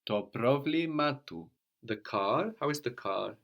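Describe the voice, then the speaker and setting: A man's voice: mid-range voice, animated, a little slow, vocal fry, fairly bright tone. A man teaching a language lesson, patiently explaining and prompting his student.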